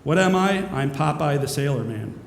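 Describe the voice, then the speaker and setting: A man voicing a gruff, one-eyed, muscular cartoon sailor with slangy, ungrammatical talk, recorded in an echoey hall. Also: on the high side, animated, moderate pace. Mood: boastful. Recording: echoey hall with faint noise.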